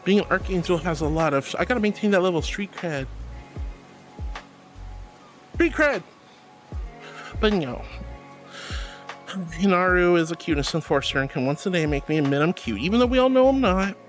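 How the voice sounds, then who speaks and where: A woman's voice: lowish voice, fast talker, soft background music. A woman streamer chatting casually on a livestream, playful and theatrical, slipping into grand mock-solemn tones. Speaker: VTuber streamer.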